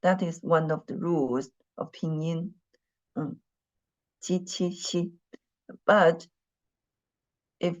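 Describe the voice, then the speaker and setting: A woman's voice: lowish voice, steady tone, takes it slowly, pauses often. A woman teaching a Mandarin class in English, repeating phrases and using many fillers. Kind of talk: classroom lesson. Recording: dull lo-fi sound.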